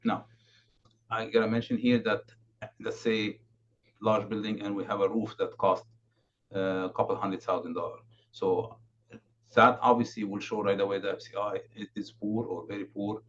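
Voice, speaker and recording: Guy with a lowish voice presenting building reports, lots of uhs and restarts, muffled call audio. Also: level tone, a bit bright. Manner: halting, many fillers and restarts. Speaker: building condition consultant presenting. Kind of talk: council meeting presentation. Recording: dull lo-fi remote audio, faint noise.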